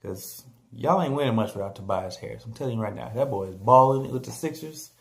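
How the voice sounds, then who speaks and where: A man talking casually about basketball standings on his vlog, animated and joking, trash-talking teams and players. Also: fairly low pitch, a little fast, gravelly. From San Antonio, Texas. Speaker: vlogger.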